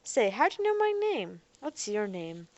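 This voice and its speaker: A woman voicing a defensive, boastful young man in a robot body who is quick to shout. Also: mid-range voice, very animated, no room sound. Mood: agitated.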